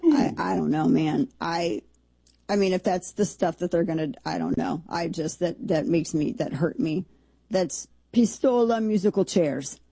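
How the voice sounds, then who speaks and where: A woman hosts talk radio with mellow, darkish tone and a slightly husky edge. She riffs in an incredulous, rambling, jokey way, and the sound is dry and close. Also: lowish voice, measured pace, no room sound. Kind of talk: opinionated talk radio commentary.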